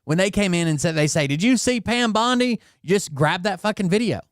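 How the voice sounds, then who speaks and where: A man's voice: high-pitched, expressive, fairly quick, dry recording, studio quality. Sarcastic man mocking a clip. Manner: mocking, sarcastic, profane asides. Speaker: commentary show host. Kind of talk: reaction commentary on clips.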